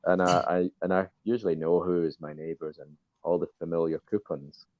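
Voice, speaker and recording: A very deep-voiced man chats easily as a guest on a stream. His audio comes through muffled and dry, with a dull, lo-fi sound and no room behind it. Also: fairly even intonation, brisk, no room sound. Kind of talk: casual call chat.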